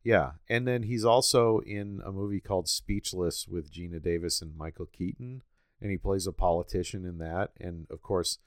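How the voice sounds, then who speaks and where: Deep-ish guy in his 40s ranting about a movie, swears a lot, dead dry mic. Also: normal speed, no room sound. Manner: profane, rambling, chuckling. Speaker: podcast co-host. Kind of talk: casual movie-review chat.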